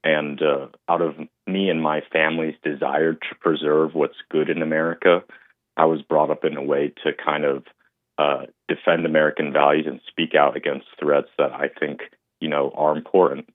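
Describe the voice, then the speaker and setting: A man's voice: a bass voice, flat delivery, moderate pace, no room sound. A man calling in to a talk show, speaking hesitantly with many fillers and restarts. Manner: hesitant, filler-heavy, rambling. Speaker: caller. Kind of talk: call-in phone conversation. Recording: tinny phone line.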